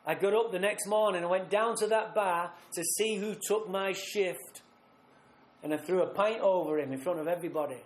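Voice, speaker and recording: A man speaking at a recovery retreat, telling his own story bluntly and vividly, acting out scenes with rough language. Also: sits high, normal speed, slight background noise. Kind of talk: personal recovery story told live. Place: retreat meeting room. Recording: roomy live talk recording.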